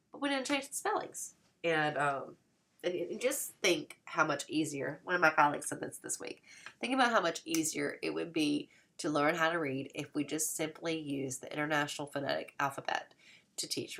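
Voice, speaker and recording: A woman teacher giving a recorded lecture, explaining patiently and sounding out vowels slowly. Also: low voice, vocal fry, fairly bright tone.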